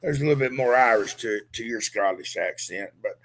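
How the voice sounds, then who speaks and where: A man's voice: mid-range voice, a little fast, fairly bright tone. A middle-aged man co-hosting a casual chat, rambling through laid-back stories with a dry mouth.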